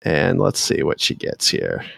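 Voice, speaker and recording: A man's voice: extremely low pitch, big pitch swings, unhurried, gravelly, fairly bright tone, breathy edge, no room sound, clean studio sound. A man narrating as game master of a tabletop game, laid-back and easily amused.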